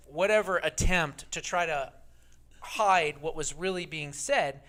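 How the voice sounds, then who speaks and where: Bright-voiced male radio co-host. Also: a little high, lively intonation, unhurried. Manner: indignant, emphatic storyteller. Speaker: radio talk show co-host. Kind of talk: political talk radio banter.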